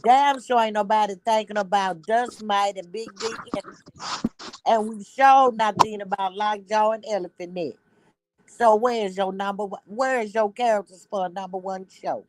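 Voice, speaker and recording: A woman joins a casual online chat over a video call. She rants bluntly and with sass, piling up one complaint after another. Her voice sits at an everyday middle pitch. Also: normal speed, noisy background. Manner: blunt, sassy, ranting commentary. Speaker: guest.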